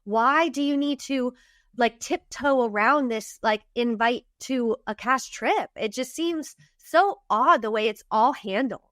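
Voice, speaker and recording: A woman's voice: a little high, unhurried, fairly bright tone, no room sound, studio quality. A woman co-hosting a casual recap podcast, talking in an indignant, emphatic way. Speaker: podcast co-host.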